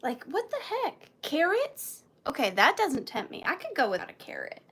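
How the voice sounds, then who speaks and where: A woman's voice: high voice, wildly swooping pitch, normal speed, a bit bright. A woman hosting a live vintage sale, chatting playfully with viewers by name and counting down bids. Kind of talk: live auction selling chat.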